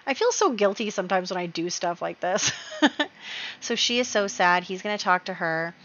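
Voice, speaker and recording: A woman's voice: mid-range voice, animated, normal speed, fairly bright tone, muffled recording. A woman hosting a let's play, chatting casually as she narrates her game moves with fillers and small laughs.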